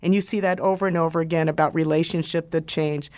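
Woman talk radio host, lower voice, expressive and conversational. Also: fast, hardly any pauses.

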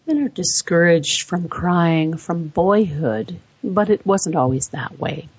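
A woman narrating an explanatory voice-over, measured and setting out facts point by point. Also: on the low side, expressive, slightly rough, no echo. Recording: dull lo-fi dry recording.

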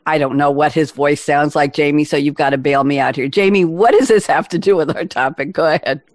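Lively, playful woman podcast host, dry sound. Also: deep voice, a little fast, no echo. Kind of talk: hosting a business podcast.

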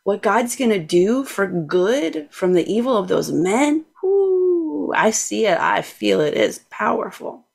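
A woman's voice: mid-range voice, lively intonation, measured pace, gravelly, few pauses, a little mellow. A woman guest on a talk show, speaking in a heartfelt, effusive way about her faith. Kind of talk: emotional testimony.

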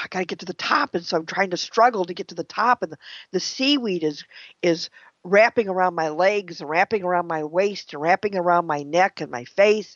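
A woman giving a motivational talk, telling a personal story with dramatic pauses and repeated phrases. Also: lowish voice, dry recording. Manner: dramatic, repetitive storytelling with slowed emphasis. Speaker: motivational speaker. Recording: dull, lo-fi, dry sound.

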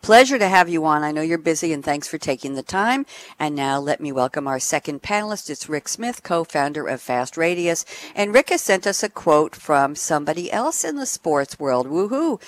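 A man's voice: a little high, sing-song, normal speed, fairly bright tone, dry recording. A man moderating a panel discussion, chatty and prone to asides while introducing guests. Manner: chatty, jumps between asides.

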